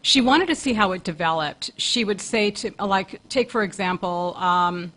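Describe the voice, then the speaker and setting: A woman's voice: medium pitch, lively intonation, normal speed, a bit bright, poor audio. A woman co-hosting a talk show who earnestly recounts a vivid personal experience, often restarting her phrases. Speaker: co-host, paranormal investigator.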